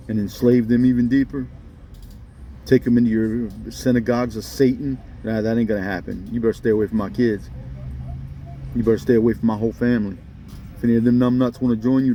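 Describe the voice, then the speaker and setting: A man with a medium-pitched voice rants directly at his viewers in a vlog, scolding them bluntly and often pushing the point with "okay?" The recording is lo-fi, with slight background noise.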